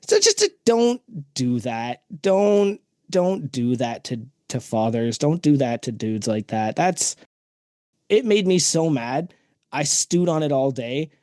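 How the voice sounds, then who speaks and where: Man co-host, fired-up annoyed telling, higher voice, dry mic. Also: very animated, slow pace, darkish tone, no room sound. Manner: heated, exasperated storytelling. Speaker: podcast co-host. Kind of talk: casual chat.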